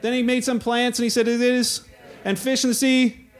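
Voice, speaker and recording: A man's voice: very high voice, flat delivery, normal speed. A pastor giving a conversational sermon, acting out the scripture he quotes with playful asides.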